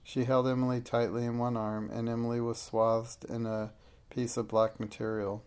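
A man reading a story aloud in an even, unhurried manner as an audiobook narrator. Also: mid-range voice, smooth. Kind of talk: scripted narration.

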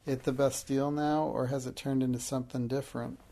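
A man reading the part of a humble, excitable young servant girl with plain working-class speech. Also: medium pitch, fairly quick, creaky, lightly acted.

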